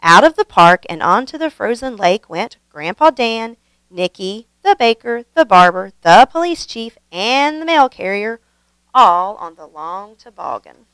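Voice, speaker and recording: A woman hosting her channel and reading a children's picture book aloud in a gentle, expressive way. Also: mid-range voice, unhurried, clear, resonant tone, dry recording, rough recording. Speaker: storybook reader, channel host.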